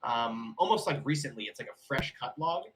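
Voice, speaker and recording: A man's voice: medium pitch, fairly quick, poor audio. Male game master, casual narration, lots of ums, easygoing. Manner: relaxed, thinks aloud with many fillers. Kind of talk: narrating a tabletop game for new players.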